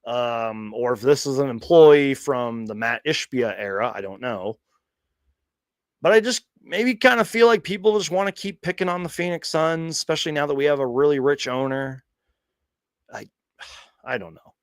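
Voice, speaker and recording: A man's voice: medium pitch, animated, normal speed, no room sound, clean studio sound. A man hosting a casual live question-and-answer stream, chatty and rambling, often restarting sentences and laughing along. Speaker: host of a fan live stream.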